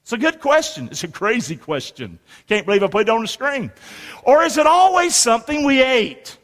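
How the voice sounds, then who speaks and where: A man preaching a sermon as pastor, in lively call-and-response with rhetorical questions to the congregation. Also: very high voice, normal speed. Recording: long reverb of a large hall.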